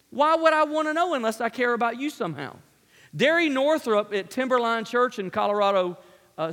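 A man's voice: high voice, fairly bright tone. A man preaching a sermon, emphatic, repeating key phrases for effect. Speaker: pastor. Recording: long hall reverb.

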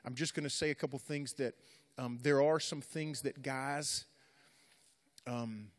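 A man preaching a sermon to young people, swinging between dramatic, loud storytelling and casual, conversational asides full of fillers and restarts. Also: medium pitch, a little slow. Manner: animated dramatic storytelling, rising loud in retellings.

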